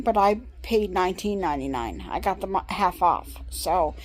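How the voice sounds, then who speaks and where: A woman's voice: mid-range voice, normal speed, few pauses, poor audio. A middle-aged woman talking casually into her phone camera for her vlog, rambling and chatty with small laughs. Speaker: vlogger.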